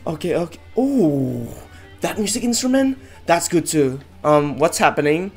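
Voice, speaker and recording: Excitable streamer, slow and swearing. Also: medium pitch, slightly rough, soft background music. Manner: excitable, swears, many exclamations. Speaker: streamer reacting to a livestream. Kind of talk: live reaction commentary.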